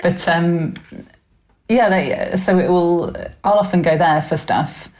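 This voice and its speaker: A woman's voice: lowish voice, slow, a little mellow. A woman, a radio news presenter chatting as a guest on a podcast and laughing often. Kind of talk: casual podcast chat.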